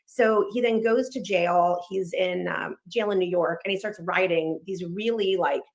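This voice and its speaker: A woman in her thirties from Los Angeles, telling her personal story quickly and candidly, acting out bits of dialogue along the way. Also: fairly low pitch, vocal fry. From Los Angeles, United States. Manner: fast, candid, animated retelling with quoted dialogue.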